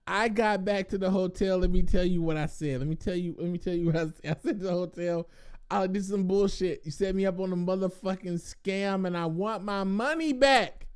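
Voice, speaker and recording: A young man telling a vacation story in a casual, animated rant, swearing and laughing. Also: a little high, smooth.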